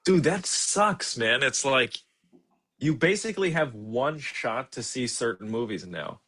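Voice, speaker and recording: Laid-back guy cohosting a movie show, middle pitch, swears casually. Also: unhurried. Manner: relaxed, agreeable, casual swearing. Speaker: podcast co-host. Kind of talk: casual chat.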